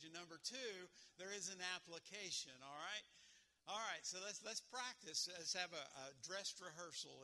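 High, bright-voiced playful preacher man. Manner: playful, coaching the congregation. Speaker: pastor. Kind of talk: sermon.

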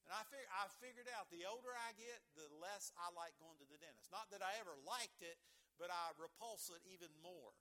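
Folksy preacher guy in a church, high bright voice, chatty and animated. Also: a little fast. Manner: folksy, animated preaching with chuckles and rhetorical questions. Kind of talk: sermon.

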